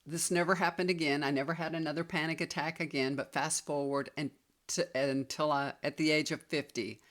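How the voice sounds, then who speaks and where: A woman's voice: low-pitched, steady tone, a little fast. Chatty woman telling a story. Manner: chatty, confiding, addresses viewers as y'all. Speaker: tarot reader and healer. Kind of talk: personal storytelling vlog.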